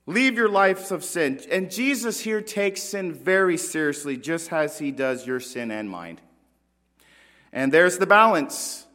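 A male pastor delivers a sermon with earnest, dramatic emphasis and pointed pauses. His voice sits a little high for a man and rings out with a long reverb in a large church hall. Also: animated, pushed and bright.

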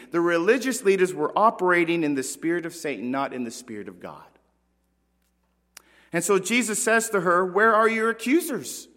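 A man's voice: sits high, a bit bright. Earnest male pastor in a reverberant hall. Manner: earnest preaching with dramatic pauses and rising emphasis. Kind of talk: sermon. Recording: long reverb of a large hall.

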